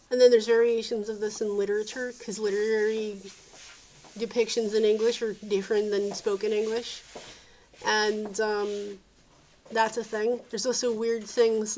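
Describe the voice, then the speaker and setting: A woman's voice: fairly high pitch, little pitch movement, unhurried, a little mellow, slight background noise. A woman from the South Jersey and Philadelphia area in a rambling, opinionated vlog monologue, often calling things dumb. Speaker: vlogger.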